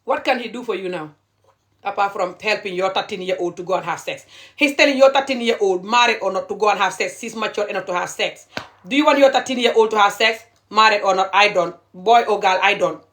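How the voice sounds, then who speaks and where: A woman's voice: mid-range voice, brisk, a bit bright. A middle-aged woman, ranting passionately and indignantly to viewers on a live stream, repeating her points.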